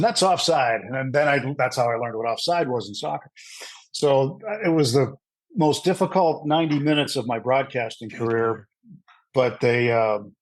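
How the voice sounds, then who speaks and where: A middle-aged man, a sports broadcaster, telling a long anecdote in an interview with lively asides and frequent fillers. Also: medium pitch, dry recording, poor audio. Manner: animated anecdotal storyteller with fillers. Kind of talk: storytelling in an interview.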